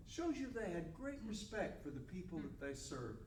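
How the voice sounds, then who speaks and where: Older male Bible teacher, folksy and joking, high lively voice, recorded far off in an echoey room. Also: moderate pace, hardly any pauses. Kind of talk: conversational Bible lesson. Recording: roomy room mic from far off, faint noise.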